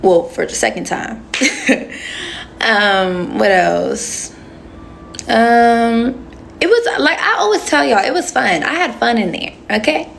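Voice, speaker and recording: A woman's voice: a little high, expressive, takes it slowly, creaky, a bit bright, a little hiss or hum. A young woman in her twenties hosting a casual livestream, chatting and answering comments with slangy asides into a phone. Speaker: livestream host.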